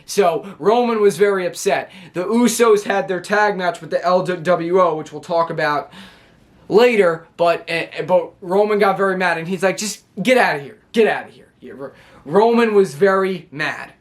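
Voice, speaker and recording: A man with a high voice talks through a show recap for his vlog. He rambles in a loose, casual way, full of restarts and fillers. He is filmed at home on his own camera. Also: normal speed. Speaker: wrestling show reviewer.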